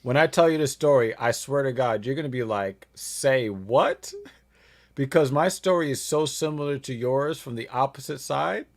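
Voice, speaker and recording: A man's voice: medium pitch, fairly quick, hardly any pauses, no room sound. A man co-hosting a casual podcast, telling a brash, boastful story and often laughing. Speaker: podcast co-host.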